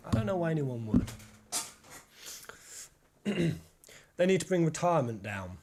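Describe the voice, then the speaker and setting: A young man hosts a casual live stream, voice sitting a touch high for a man. He rants with energy and swears freely as he talks. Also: unhurried, long pauses, background noise. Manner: animated, swearing freely, ranting. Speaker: stream host.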